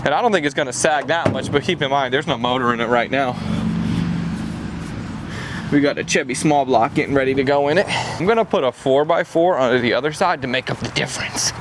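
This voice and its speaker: A young man casually vlogging about a truck build, relaxed and peppered with "dude". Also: mid-range voice, brisk. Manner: laid-back, says "dude" a lot. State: out of breath. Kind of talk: casual shop vlog talk. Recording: noisy outdoor camera audio.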